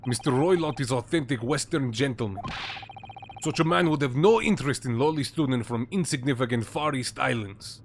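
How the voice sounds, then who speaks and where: A man voicing a gruff, haughty male ship's guard who speaks broken English. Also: mid-range voice, a little fast, lightly acted. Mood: curt. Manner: broken English, curt and dismissive. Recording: steady background noise.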